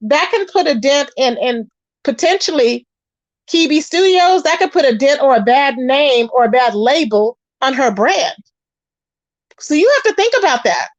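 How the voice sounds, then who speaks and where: A woman hosting a casual gossip commentary show, chatty and animated, answering her live chat. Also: sits high, moderate pace, no room sound, dull audio. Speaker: commentary channel host.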